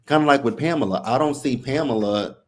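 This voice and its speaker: A man co-hosting a casual live review chat, relaxed and chuckling, often restarting his sentences. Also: mid-range voice, brisk. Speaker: co-host.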